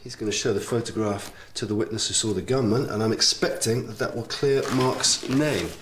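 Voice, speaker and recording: A man playing a doctor in a TV drama who reassures a patient calmly and then pleads urgently with a gunman. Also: fairly low pitch, fairly quick, background noise, close to an everyday voice. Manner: calm and reassuring, turning urgent. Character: steady male doctor talking down a gunman. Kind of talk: TV drama acting.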